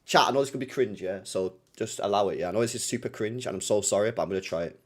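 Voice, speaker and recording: A man's voice: fairly low pitch, rapid-fire. A young man chatting casually to his live stream audience, rambling with slang, swearing and frequent laughter. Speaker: streamer hosting a football watchalong.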